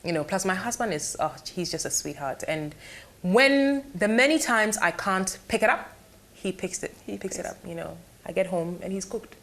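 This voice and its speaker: A woman's voice: medium pitch, moderate pace, vocal fry. A Ghanaian woman, a guest chatting in an interview, telling stories and acting out the voices of people in them. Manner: animated storyteller acting out quoted voices. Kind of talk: casual interview chat.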